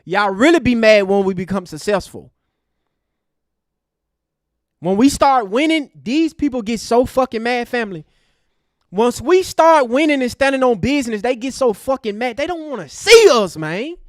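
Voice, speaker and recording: A man's voice: very high voice, animated, normal speed, no echo, studio quality. A man hosting an online show, delivering a fiery, preachy rant to his live chat. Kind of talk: impassioned livestream rant.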